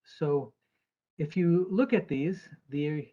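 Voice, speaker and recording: A man's voice: a little high, slow pace, muffled recording. An American man, an actuary, giving a presentation to investors in an earnest, emphatic way with dry asides. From United States.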